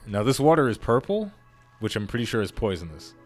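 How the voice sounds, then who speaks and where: Brief: a man with a lowish voice doing relaxed let's-play commentary, chatty and self-deprecating, soft game music underneath. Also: fairly quick. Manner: rambling, self-deprecating, laughs often. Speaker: gaming YouTuber.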